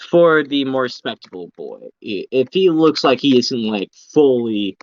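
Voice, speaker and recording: A man playing a tabletop game, talking in an animated, rambling, slangy way. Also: medium pitch, unhurried, dull audio. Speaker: player. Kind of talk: casual tabletop game chat.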